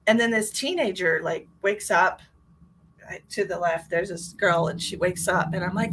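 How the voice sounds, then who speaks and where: A woman's voice: fairly low pitch, normal speed, a bit bright, slightly rough. A middle-aged woman, a psychic medium, chatting casually on a live stream and telling a story. She laughs often and greets viewers by name.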